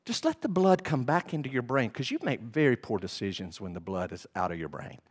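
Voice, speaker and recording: A male preacher voicing a wise elder council teacher who pleads with angry men to calm down and wait. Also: mid-range voice, brisk, breathy edge, voice pushed down. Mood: soothing. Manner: pleading, urgent, then hushed and soothing.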